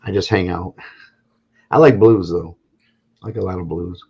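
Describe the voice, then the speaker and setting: A low, husky male voice chats easily with friends on a livestream. The sound is dull and lo-fi, like a muffled call. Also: normal speed, a little mellow. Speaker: chat guest. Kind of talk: casual chat.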